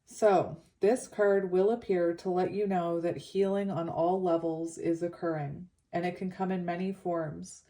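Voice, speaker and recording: A woman giving a tarot reading, reading card meanings aloud and talking them over in a gentle, rambling way. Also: on the low side, fairly even intonation, unhurried, hardly any pauses. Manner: gentle, rambling, with frequent fillers and soft laughs. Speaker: tarot reader.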